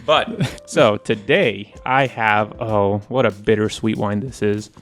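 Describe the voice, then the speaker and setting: A man co-hosting a casual podcast, telling stories in an animated, profane way and acting out his own quotes. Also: on the low side, slow, faint music behind. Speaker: podcast co-host, wine presenter. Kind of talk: casual chat.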